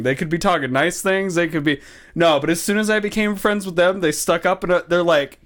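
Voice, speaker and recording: A man's voice: sits high, expressive, quick pace, fairly bright tone. A man from New England co-hosting a casual podcast, blunt and swearing freely while telling family stories. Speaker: podcast co-host. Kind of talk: casual chat.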